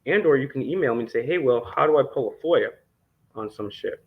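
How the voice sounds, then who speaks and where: Sarcastic man ranting, pitch swinging widely. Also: lively intonation, fairly quick. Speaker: independent news vlogger. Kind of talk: ranting commentary reading documents aloud. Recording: dull lo-fi recording.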